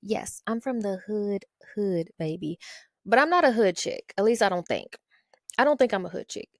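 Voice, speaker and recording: A woman's voice: medium pitch, expressive, moderate pace, dry recording. A woman from Ohio hosting her own podcast in a casual solo monologue, chatty and playful, tagging her lines with "okay?" and "y'all". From Ohio, USA. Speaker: podcast host.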